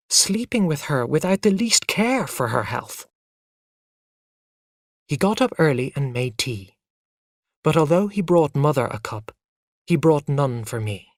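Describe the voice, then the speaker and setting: Slow, lively-voiced male story reader. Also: on the high side, creaky, no room sound, clean studio sound. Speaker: narrator. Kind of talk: slow story reading for learners.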